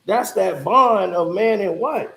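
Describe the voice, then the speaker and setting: A man's voice: sits high, slow pace, creaky, pushed and bright, reverberant, low-quality recording. A man hosting casual commentary in a laid-back, conversational way.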